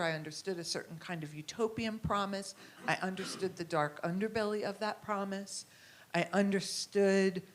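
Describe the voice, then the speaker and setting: A middle-aged woman from the United States, a curator being interviewed, talking reflectively and thinking aloud with fillers and restarts. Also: medium pitch. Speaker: curator and writer, guest. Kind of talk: conversational interview talk.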